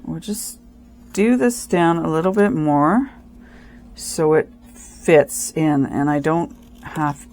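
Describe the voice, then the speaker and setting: Low-pitched and darkish in tone, the host of a Canadian craft channel walks viewers through a casual tutorial step by careful step. She thinks out loud and often starts her sentences over.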